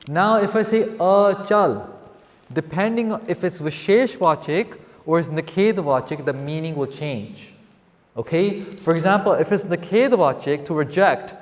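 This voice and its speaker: Man teaching in an echoey room. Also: on the high side. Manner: keeps checking in with "okay?". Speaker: seminar teacher. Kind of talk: classroom vocabulary lesson. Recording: echoey room with long reverb.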